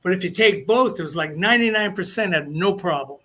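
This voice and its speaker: High-voiced older man telling stories. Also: animated, a little fast, bright, forceful tone. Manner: rambling anecdotes with repeated restarts. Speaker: guest. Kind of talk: casual storytelling interview.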